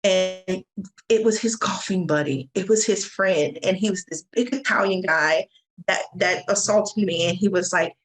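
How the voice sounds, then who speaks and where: An American woman with a fairly low, measured voice speaks as a podcast guest and advocate, candidly and earnestly recounting her own experience in an interview. The audio quality is poor.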